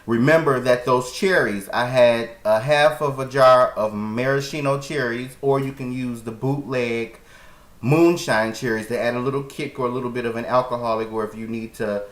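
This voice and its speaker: A man's voice: medium pitch, steady tone, moderate pace. A man hosting a casual cooking vlog from his home kitchen, talking in a sassy, profane, campy way. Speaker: cooking show host. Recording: echoey room, mic at a distance.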